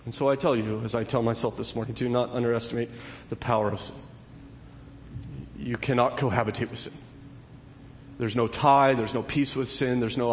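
A pastor preaching a sermon. He builds to emphatic, animated peaks and then drops back low. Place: church sanctuary. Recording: long hall reverb, faint noise.

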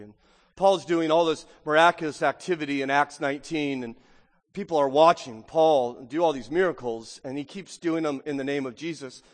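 A man's voice: high-pitched, in a large hall. A male pastor preaching a sermon in an emphatic yet conversational way.

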